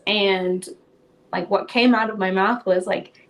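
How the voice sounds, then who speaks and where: A young woman talking as a podcast guest, pitched in an ordinary middle range. She chats freely, strings her thoughts together with lots of "like", and laughs easily as she recounts. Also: fairly even intonation, slow pace, pauses often, a bit bright. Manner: chatty, heavy use of "like", laughs often. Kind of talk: casual interview storytelling.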